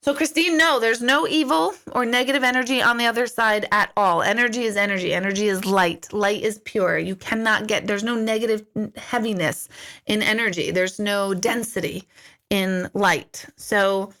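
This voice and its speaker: A chatty middle-aged woman speaking at an ordinary pitch, hosting a relaxed live-stream question-and-answer session. She talks in a loose storytelling way, reading out viewers' questions and acting out her own remarks in lively little asides. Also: normal speed.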